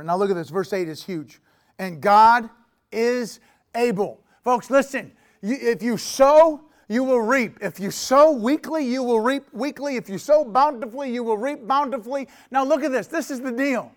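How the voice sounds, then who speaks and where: A middle-aged man preaching a sermon as pastor, swinging between booming proclamation and hushed, intense asides.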